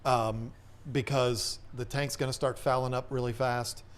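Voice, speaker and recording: A man's voice: mid-range voice, flat delivery, unhurried, clear, resonant tone. A man hosting a casual livestream Q&A, chatting in a rambling way and reading viewer comments aloud. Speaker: host.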